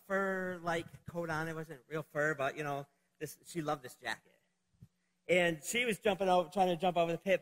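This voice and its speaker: A man's voice: high-pitched, fairly bright tone, in a large hall, low-quality recording. A middle-aged man preaching a sermon, opening with a childhood story, in a conversational, rambling way with many fillers. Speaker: pastor.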